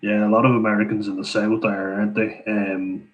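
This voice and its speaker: Low, flat-voiced Irish man. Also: a little fast, muffled recording. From Ireland. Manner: chatty, laughs often, reads comments aloud. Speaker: livestream host answering viewer chat. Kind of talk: casual live Q&A chat.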